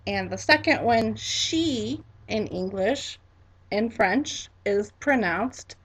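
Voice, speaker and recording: A woman teaching a class, slow and patient, spelling each word letter by letter and repeating it for students to echo. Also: mid-range voice, lively intonation, fairly bright tone, slightly rough. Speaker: French teacher. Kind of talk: classroom lesson.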